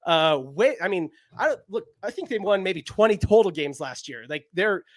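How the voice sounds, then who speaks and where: A man's voice: high-pitched, very animated, normal speed, no echo, studio quality. A young man co-hosting a casual basketball chat, rambling with lots of "like" fillers. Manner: rambling, heavy use of "like" fillers. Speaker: basketball podcast co-host.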